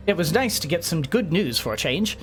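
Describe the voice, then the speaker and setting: A woman's voice: on the low side, big pitch swings, fairly quick. Woman putting on an English-accented letter writer. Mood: tender. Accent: English, put on. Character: gentle ailing woman scientist writing a letter. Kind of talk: reading a letter aloud in a put-on voice.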